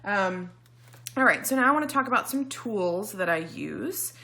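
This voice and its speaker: A woman's voice: medium pitch, expressive, normal speed, sharp tone. A woman vlogger casually demonstrating beauty products, chatty and explanatory with frequent ums, sounding slightly out of breath.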